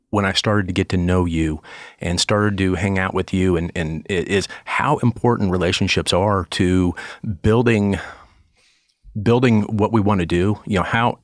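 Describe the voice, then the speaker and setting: A male podcast host with a low voice, drawn out and rambling as he builds up his questions. He leans on "you know" again and again. The recording is dry and close. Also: dry recording. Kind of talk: podcast interview.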